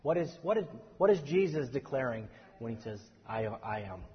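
A man teaching a Bible study class, lively and explaining, calling on the group for answers. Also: mid-range voice, moderate pace, husky. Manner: animated, takes questions from the class. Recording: echoey hall, dull lo-fi sound.

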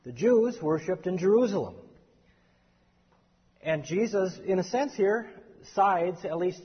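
A man teaching a Bible study class, lively and explaining, calling on the group for answers. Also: fairly high pitch, breathy edge. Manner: animated, takes questions from the class. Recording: echoey hall, dull lo-fi sound.

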